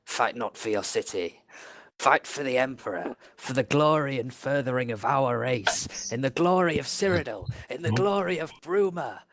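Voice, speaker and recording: A man voicing a human war commander who rallies his troops with a slow, emphatic speech. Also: mid-range voice, lively intonation, fairly bright tone, a little hiss or hum, pitched above the performer's own voice. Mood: rousing.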